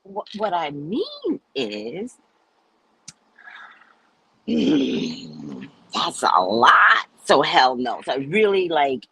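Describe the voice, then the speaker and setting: A woman hosting a casual storytelling talk, animated and profane, acting out the people she describes. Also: low-pitched, very slow, gravelly, long pauses, husky. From United States. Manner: animated, profane, acts out the people in her stories. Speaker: host.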